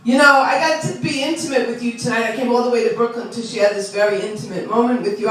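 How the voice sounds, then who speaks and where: High-voiced woman comic in her sixties. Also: expressive, fast talker. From Long Island. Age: 60s. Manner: wry, self-deprecating, chatty with the crowd. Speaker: stand-up comedian. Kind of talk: stand-up comedy set. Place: small club. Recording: roomy club sound from a distant mic.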